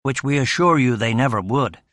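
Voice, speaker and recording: A man's voice: medium pitch, lively intonation, moderate pace, a bit bright, no room sound, clean studio sound, natural voice. A man doing a contemptuous American enforcer. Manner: hard, contemptuous delivery.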